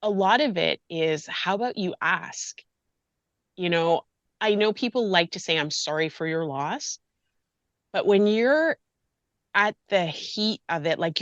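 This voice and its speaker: A woman's voice: fairly low pitch, a bit bright, no room sound, muffled recording. A woman grief coach in an interview, speaking earnestly and passionately, close to tears. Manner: earnest, impassioned, pleading. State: near tears. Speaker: grief and loss coach, guest. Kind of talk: emotional personal interview talk.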